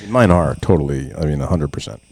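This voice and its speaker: A man in his forties, a podcast co-host, telling a story in casual chat, swearing often and acting out his own yelling. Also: a bass voice, lively intonation, a little fast.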